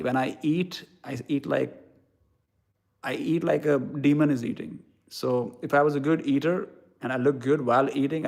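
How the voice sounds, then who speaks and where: A man's voice: mid-range voice, gravelly, a little mellow. A young man with an Indian English accent, casually chatting with viewers and answering their questions in a blunt, irreverent way that includes casual swearing. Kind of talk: casual live-stream chat.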